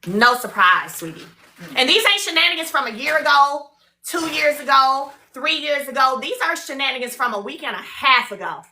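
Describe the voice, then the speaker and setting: A woman's voice: sits high, animated, moderate pace, pushed and bright, a little hiss or hum. A woman in her thirties hosting a casual livestream, blunt and drawn out with long hums. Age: 30s. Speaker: livestream host.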